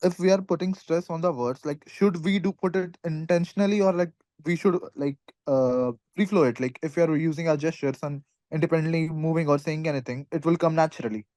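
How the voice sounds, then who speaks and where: A man's voice: fairly high pitch, brisk, few pauses, a little mellow, dry recording. A man taking part in an online workshop, asking a question hesitantly with many fillers. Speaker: workshop participant.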